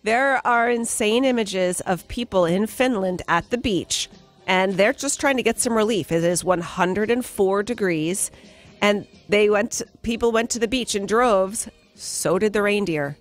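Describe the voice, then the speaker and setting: A woman's voice: mid-range voice, unhurried, soft background music. Upbeat woman reading radio news. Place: radio studio. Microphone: studio mic.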